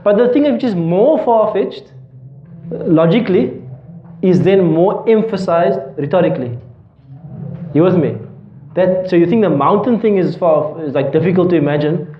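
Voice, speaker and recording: A man's voice: sits high, lively intonation, moderate pace, slight background noise. A man teaching a classroom lecture. He explains with everyday examples and keeps checking that students are following. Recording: roomy, dull lecture-hall recording.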